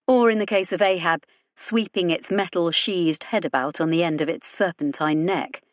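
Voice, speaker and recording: A woman narrating a science fiction audiobook in a wry, even storytelling manner. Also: fairly low pitch, no room sound, studio quality. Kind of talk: scripted narration.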